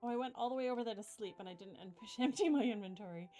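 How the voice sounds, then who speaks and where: A woman's voice: a little high, racing, warm tone. A woman streaming a game, chatting casually and rambling, with frequent giggles. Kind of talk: casual chat while gaming. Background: game music.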